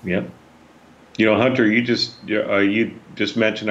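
Low male co-host, relaxed, dull lo-fi recording. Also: a little slow. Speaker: podcast co-host. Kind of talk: casual recovery talk.

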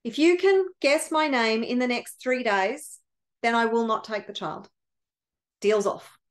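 A smug little elf man, as a woman plays him, offhand and teasing as he strikes a bargain in a retold fairy tale. The voice stays close to her own, fairly high. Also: unhurried, close to an everyday voice.

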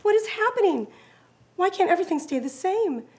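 A woman's voice: high voice, very animated, normal speed, voice pushed up. A woman voicing a curious, unsure young male fawn in a storybook read-aloud. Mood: anxious. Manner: questioning, eager.

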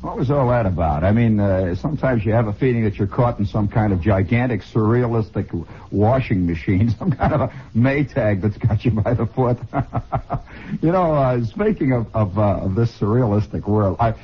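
American guy in his 40s rambling on old 60s radio, voice swoops all over, kinda husky, dull lo-fi sound. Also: fairly low pitch, normal speed. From United States. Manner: excitable, digressive storyteller who repeats and restarts. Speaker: radio host. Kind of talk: rambling comic radio monologue. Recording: dull lo-fi 1960s radio broadcast.

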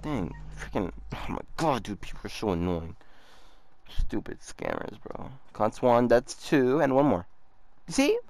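This YouTuber trolling a scammer has a mid-range, expressive, slightly mellow voice and talks at normal speed with hardly any pauses. The young man games casually, mocking the other player, repeating himself and saying "bro" constantly.

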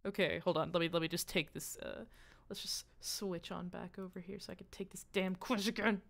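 Chatting casually with her live audience, this woman streamer is excitable, swears readily, and breaks into sudden loud outbursts. She sounds out foreign phrases, repeating them aloud as she practices. Her voice is fairly low, with vocal fry.

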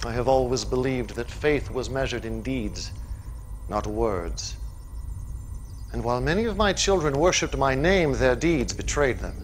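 A man's voice: medium pitch, animated, measured pace, a little hiss or hum, natural voice. An actor playing a commanding male cult leader who preaches to his follower, in a game cutscene. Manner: grand, preaching delivery.

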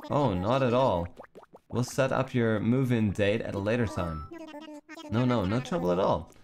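A man's voice: medium pitch, animated, normal speed, vocal fry, music in the background. A man reading the lines of a polite, businesslike raccoon shopkeeper from a cartoon life game. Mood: courteous. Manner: reads the game text aloud courteously.

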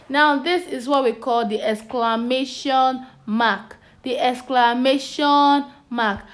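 A woman with a Nigerian English accent teaches young children at a slow, steady pace. Her voice sits fairly high. She keeps asking "what?" and then gives the answer herself. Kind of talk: children's phonics and punctuation lesson.

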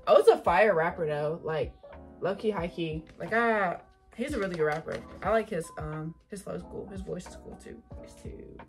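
A woman's voice: lowish voice, normal speed, soft background music. Gushing young woman unboxing an album. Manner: excitable, gushing, swears, many "like" fillers. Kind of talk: casual chat to camera.

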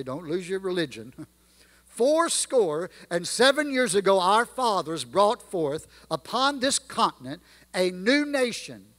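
A man's voice: high-pitched, fairly bright tone. A man with a Southern American accent preaching a sermon in a church, reciting lines with emphatic, sing-song delivery. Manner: preaching with sung-spoken quotes, emphatic. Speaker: guest preacher. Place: church sanctuary. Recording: church hall reverb.

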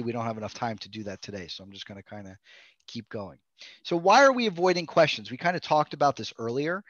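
A man's voice: mid-range voice, dry recording. Male trainer, mid-range voice, earnest lecturing tone, dull and dry video-call audio. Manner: earnest, checks in with "right?" and "okay?". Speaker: play therapy trainer.

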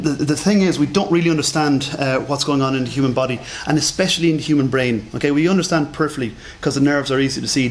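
A man's voice: mid-range voice, a little hiss or hum. A man with a noticeable accent giving a conference lecture, chatty and self-deprecating, with many fillers. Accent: non-standard English accent. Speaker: conference speaker.

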